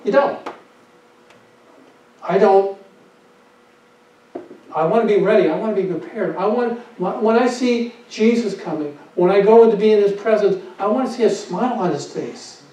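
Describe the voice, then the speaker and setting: A man's voice: high-pitched, normal speed, long pauses, warm tone. A male pastor preaching a sermon with emphasis, asking rhetorical questions and repeating his phrases. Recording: echoey, dull sound from a distant mic.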